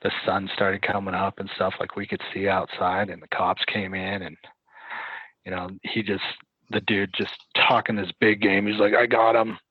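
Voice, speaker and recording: A man telling a story in casual conversation as a podcast guest, halting and correcting himself as he goes, acting out what people said. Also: low-pitched, little pitch movement, breathy edge, no room sound. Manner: halting, self-correcting retelling with quoted dialogue. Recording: dry, tinny phone-like line.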